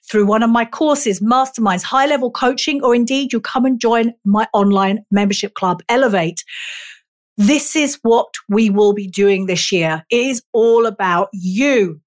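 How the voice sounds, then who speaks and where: A woman hosting a motivational podcast, speaking in earnest, emotional, emphatic affirmations that repeat and now and then swear for emphasis. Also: a little high. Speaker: podcast host and life coach.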